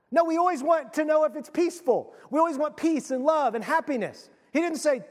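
A man's voice: extremely high pitch, expressive, normal speed, big-room sound. A male pastor giving a conversational sermon, retelling a story with casual asides.

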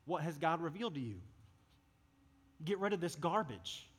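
A youth pastor preaches a sermon in a church service hall, earnest and impassioned in a conversational way. His voice is a little high, husky and very animated at a moderate pace, and the hall is reverberant.

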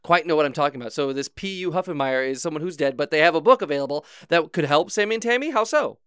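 A man's voice: fairly high pitch, animated, fast, fairly bright tone, clear, resonant tone, no echo, clean studio sound. A man playing a stammering, flustered host doctor. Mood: baffled. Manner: stammering, hesitant, politely baffled. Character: flustered male advice-show host doctor. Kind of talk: improv comedy.

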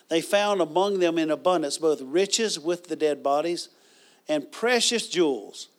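A man preaching a sermon in a conversational way, with bursts of loud praise and chuckles as he tells stories. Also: sits high. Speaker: pastor.

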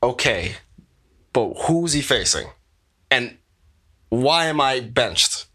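A man doing an injured wrestler, agitated and protective, stumbling over repeated words. His voice is bright with animated, swinging pitch. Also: takes it slowly, husky, full character voice. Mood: upset. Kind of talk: tabletop role-play.

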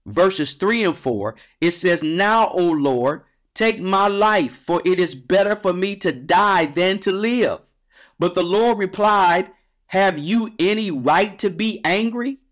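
A man hosting a devotional podcast, preaching emphatically, with repeated phrases and big swings in pitch. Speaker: podcast host.

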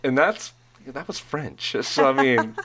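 A man's voice: medium pitch, takes it slowly, fairly bright tone, a little hiss or hum. A middle-aged man telling rambling school stories in casual chat, laughing at his own jokes.

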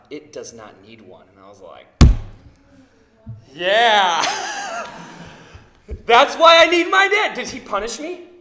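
A man in his thirties preaches in an echoey church hall, his voice bright and forceful. He slips into animated storytelling and acts out the lines of the people he quotes. His pitch sits a little high for a man. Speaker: pastor. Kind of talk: sermon.

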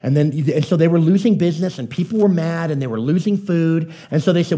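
Mellow-voiced preacher telling folksy stories. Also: male voice, fairly high pitch, quick pace, hardly any pauses. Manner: folksy storytelling, asks the audience questions. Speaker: pastor. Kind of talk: conversational sermon.

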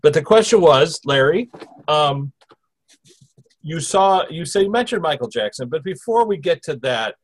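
A man's voice: on the high side, animated, moderate pace, slightly rough. A man hosting a conversation, asking long wandering questions full of restarts. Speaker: host interviewing a spirit through a medium. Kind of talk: casual interview talk.

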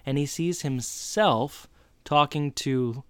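A man co-hosting a podcast in casual chat, playfully acting out scenes with quick character voices. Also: a little high, smooth, no echo. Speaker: podcast co-host.

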